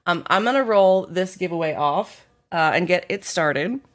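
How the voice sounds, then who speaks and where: A woman's voice: fairly low pitch, lively intonation, normal speed. A woman streaming live, chatting casually with viewers while feeling unwell, candid and apologetic, thanking people by name. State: feeling unwell, low energy.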